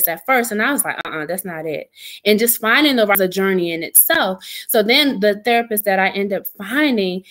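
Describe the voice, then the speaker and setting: A woman's voice: medium pitch, a bit bright. A young adult woman giving an earnest, emotional personal testimony as a podcast guest, often quoting her own prayers.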